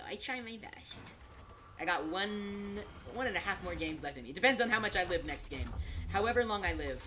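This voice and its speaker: A woman's voice: lowish voice, bright, forceful tone, a little hiss or hum. A young adult woman chatting casually as she comments on her gameplay, giggling often. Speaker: gaming streamer.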